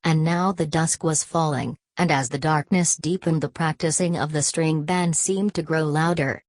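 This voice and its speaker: A woman narrating an audiobook in a steady, even reading. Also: low-pitched, normal speed, no echo. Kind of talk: scripted narration.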